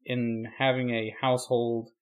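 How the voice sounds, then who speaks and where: An easygoing preacher co-hosting a podcast, he thinks out loud in a relaxed, reflective way. He drops dry, deadpan jokes into the conversation. His voice sits in a middle register for a man. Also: mid-range voice, measured pace. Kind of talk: casual chat.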